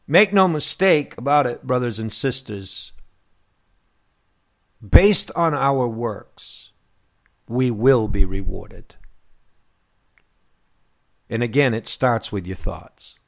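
A man preaching a sermon to his listeners, slow and emphatic, with long pauses. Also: medium pitch, animated, creaky. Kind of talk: radio sermon.

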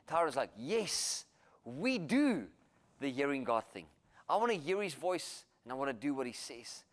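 A man's voice: mid-range voice, a bit bright. Earnest preaching man. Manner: earnest preaching with rising emphasis and repeated phrases. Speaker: pastor. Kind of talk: sermon. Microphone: church sermon recording.

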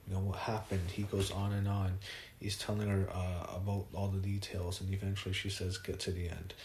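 A man giving a casual spoken review, retelling events haltingly with many fillers and restarts. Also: low-pitched, echoey room, a little hiss or hum.

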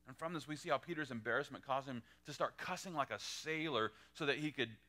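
A male pastor teaching a verse-by-verse sermon, acting out quoted dialogue with big lively swings. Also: fairly quick. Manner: animated, acts out quoted lines with pitch jumps.

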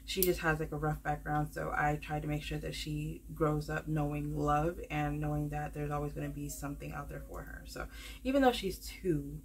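A woman with a low, deep-set voice talks loosely to her viewers in a vlog. She rambles from thought to thought with plenty of ums and likes, and keeps turning to the audience as "y'all." Faint noise hums under her voice. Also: steady tone, moderate pace, creaky. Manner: rambling, many fillers, calls viewers "y'all". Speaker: budgeting vlogger. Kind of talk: casual chatty vlog to viewers.

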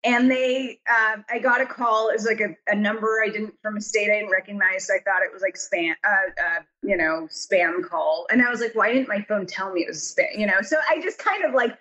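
A woman's voice: mid-range voice, brisk, hardly any pauses, pushed and bright, dull audio. Woman telling an anecdote in an interview. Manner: chatty, acts out quoted voices, frequent fillers. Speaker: writer and director, guest. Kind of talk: casual interview storytelling.

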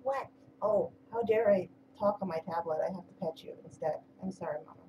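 A woman's voice: on the low side, fairly quick, dull audio. A woman sitting kittens indoors, talking to them in cooing baby talk. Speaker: kitten sitter. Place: indoor room with caged kittens. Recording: distant mic with noisy room.

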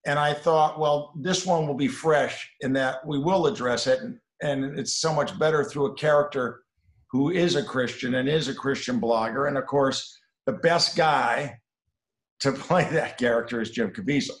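Middle-aged guy telling stories in an interview, lively, low murmur on asides, echoey room. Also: moderate pace. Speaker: film director. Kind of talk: interview anecdotes. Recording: roomy echo.

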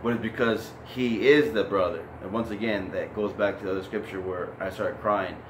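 A man's voice: fairly low pitch, fairly even intonation, normal speed, reverberant, slight background noise, low-quality recording. A man giving an informal, earnest talk on scripture, rambling with many restarts and emotional, close to tears. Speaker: online religious talk host.

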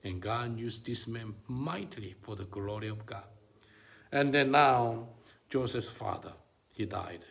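A man preaching a sermon, his voice gravelly with fry at the bottom. His English is halting and non-native, with plenty of fillers. He swings between quiet low murmurs and sudden high, ringing peaks of emphasis. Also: animated.

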